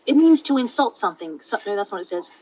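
A woman's voice: mid-range voice, expressive, quick pace, dark tone, slightly rough, rough recording. A woman reading the lines of a wordy, pedantic man who explains idioms at length and in earnest. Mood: explaining. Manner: long-winded and earnest.

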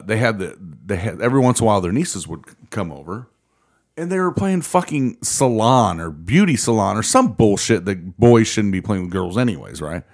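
A man in his thirties telling heated, profanity-laden stories in casual chat. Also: fairly low pitch.

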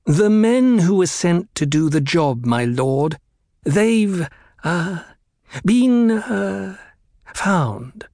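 A man's voice: high-pitched, expressive, very slow, a little mellow, no room sound, voice pushed up, full character voice. A man voicing a silky, nervous male advisor who answers his master deferentially and hesitantly.

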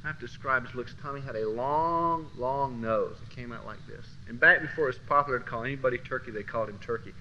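A man teaching a Christian class through personal storytelling, swinging from low murmurs to loud bursts. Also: fast talker, few pauses. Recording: dull lo-fi recording with faint hiss.

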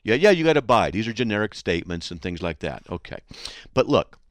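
Radio host guy, keeps cutting in, lively swinging voice, dry studio sound. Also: lowish voice, fast talker, no echo. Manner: insistent, interrupts by repeating the caller's name. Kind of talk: call-in radio debate.

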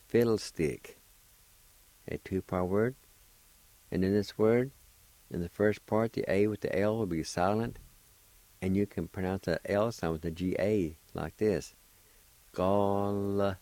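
A man's voice: sits low, mellow, dry recording. An older man with a Cherokee-speaking Oklahoma accent, patiently teaching vocabulary on a radio show, spelling and repeating each word syllable by syllable. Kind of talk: slow spelled-out language lesson.

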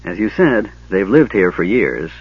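A weary half-elf leader, voiced by a man narrating, short and strained in his speech. The voice is low and husky. It sits on a dull, lo-fi recording. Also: sing-song, unhurried, heavily acted.

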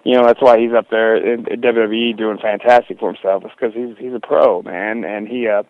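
A man's voice: on the low side, steady tone, a little fast, no echo, narrow, tinny audio. A young man, a wrestler guest, telling stories in a casual interview, rambling with lots of fillers and "dude".

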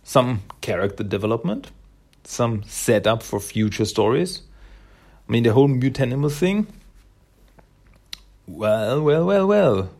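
A man's voice: mid-range voice, sing-song, unhurried, long pauses, darkish tone. A man casually recapping a comic issue, rambling with lots of fillers and self-corrections. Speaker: comic book reviewer.

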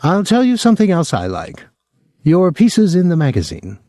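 A slick, overdressed advertising man who gushes compliments, as a male narrator puts him on. The voice sits high and bouncy, recorded dry and close. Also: wildly swooping pitch, moderate pace, mellow, no echo. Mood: gushing. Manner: gushing, ingratiating.

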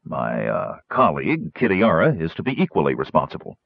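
A man's voice: rumbling low, wildly swooping pitch, a little fast, creaky, no room sound, dull audio, pitched below the performer's own voice, exaggerated voice. A man reading as a formal, awkward young knight. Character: earnest young male knight leading a march.

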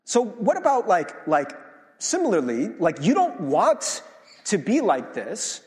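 Lively, animated male pastor in a reverberant hall. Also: high voice, measured pace. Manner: conversational, self-deprecating, acts out quoted reactions. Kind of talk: sermon.

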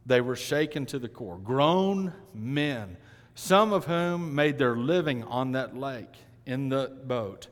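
Slow-preaching man in a reverberant hall. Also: mid-range voice, expressive. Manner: preaching with wide swings from loud to hushed. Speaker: pastor. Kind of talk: sermon.

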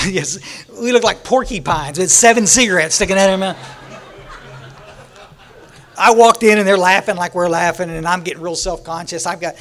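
A man's voice: a little high, fairly bright tone. A man telling his recovery story at a meeting in a folksy, joking way. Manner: folksy storytelling with jokes and laughter.

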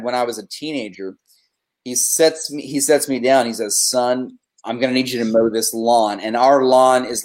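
Profane, animated male podcast host. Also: medium pitch. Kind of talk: casual storytelling chat.

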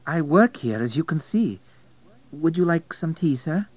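A soft young Polish waitress with a lifted, light voice, as a male audiobook reader puts her on. Her Polish accent is gentle and she teases a little. The recording is dry and close. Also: fairly high pitch, lively intonation, unhurried, breathy edge, no room sound, voice pushed up.

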